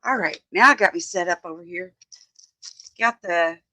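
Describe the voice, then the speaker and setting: A woman's voice: lowish voice, moderate pace, bright, forceful tone. A woman hosting a casual crafting live stream from her home desk, chatting as she works, greeting viewers by name and thinking aloud. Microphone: phone.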